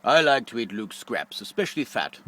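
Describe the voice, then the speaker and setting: A man's voice: medium pitch, big pitch swings, brisk, background noise, close to an everyday voice. A man voicing a rude, greedy bald male mascot toy that begs for scraps of fat. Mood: cheeky. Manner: rude, blunt and cheeky. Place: lorry cab.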